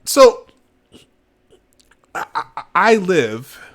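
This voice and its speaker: A man's voice: sits high, lively intonation, normal speed, gravelly, sharp tone. A middle-aged man hosting a live show, giving emphatic commentary with laughs. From Minnesota, United States. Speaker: host. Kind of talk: animated commentary.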